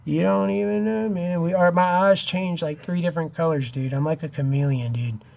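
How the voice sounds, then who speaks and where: A man's voice: fairly high pitch, fairly even intonation, moderate pace, vocal fry, a little mellow. A man in his fifties speaking urgently and emotionally to his camera, pleading with viewers, his voice close to tears, and he keeps saying "dude" and "man". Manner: emotional and wavering, near tears. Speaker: vlogger. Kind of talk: impassioned direct-to-camera vlog.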